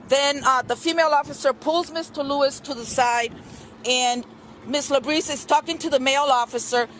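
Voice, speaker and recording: A middle-aged woman speaks at an outdoor press conference, her voice high and earnest. She rambles through her account with many ums and restarts. Faint street and traffic noise sits behind the news camera recording. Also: fairly bright tone.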